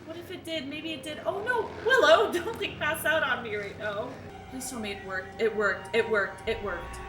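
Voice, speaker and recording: Young female reaction host, emotional and foul-mouthed, higher voice, a bit off-mic in an echoey room. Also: normal speed, recorded from a distance, music in the background. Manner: emotional, swears freely, laughs and cries while reacting. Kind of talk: casual reaction commentary. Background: show audio playing.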